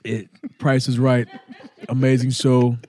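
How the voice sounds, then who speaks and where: A man co-hosting a casual podcast, animated and joking with his friends. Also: mid-range voice, unhurried. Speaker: podcast co-host. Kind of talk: casual chat.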